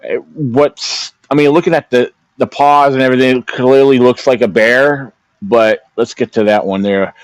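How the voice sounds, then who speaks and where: A man in casual podcast talk, mid-pitched, who wanders through his points with lots of "you know" and "I mean." His voice sits close and dry on the mic with no room sound. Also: steady tone, moderate pace, hardly any pauses, no echo. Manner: rambling, many fillers and restarts. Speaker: podcast co-host.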